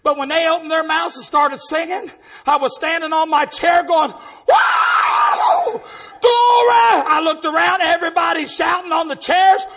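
A man preaching, telling folksy stories with exuberant shouting bursts and a husky voice. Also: extremely high pitch, level tone, fairly quick, a loud crowd, heavy background noise. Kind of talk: storytelling sermon testimony.

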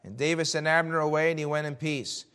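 Male preacher, slightly high voice, punchy rhetorical questions, drops to a hush for warnings. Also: fairly even intonation, fast, clear, resonant tone. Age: adult, Army veteran. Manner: emphatic, rhetorical questions, swings between loud and hushed. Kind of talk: sermon with scripture reading.

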